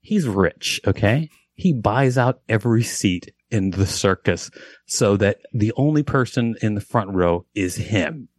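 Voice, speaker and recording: A man's voice: fairly low pitch, lively intonation, measured pace, dry recording. Comedian guest, male, dry close sound, loose rambling joke-teller. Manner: rambling, restarts, keeps checking in with "okay?". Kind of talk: casual joke storytelling.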